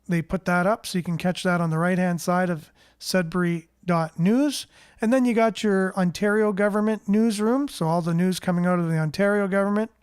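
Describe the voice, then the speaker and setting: A man hosts a casual news roundup, his voice high and smooth. He talks in a relaxed, rambling way, reading out comments from viewers. The sound is close and dry. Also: brisk, no room sound. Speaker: host of a local news show.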